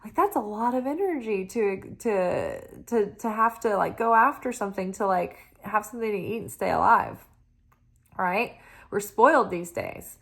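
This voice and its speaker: A woman's voice: medium pitch, expressive, moderate pace, gravelly. Earnest, musing woman giving a tarot reading. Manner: earnest and musing, often adds "right?" and "you know". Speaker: tarot reader. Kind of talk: casual spoken tarot reading.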